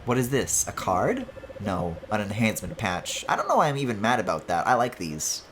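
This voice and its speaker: A man's voice: fairly low pitch, very animated, a little fast, a bit bright, a little hiss or hum. A man streaming a video game, chatting casually as he plays, swearing and laughing often. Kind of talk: casual let's-play commentary.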